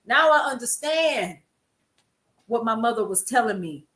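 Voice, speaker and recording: Older lady doing casual news talk, chatty and laughs a lot, voice kinda high, echoey room. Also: lively intonation, a little slow, a bit bright. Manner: chatty, laughs often, talks to viewers. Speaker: host. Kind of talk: casual livestream news commentary.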